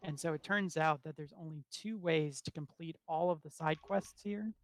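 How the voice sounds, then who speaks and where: Higher-voiced man explaining a game route. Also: normal speed. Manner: explanatory, methodical, with frequent ums. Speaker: speedrunner explaining his route. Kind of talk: live gameplay commentary.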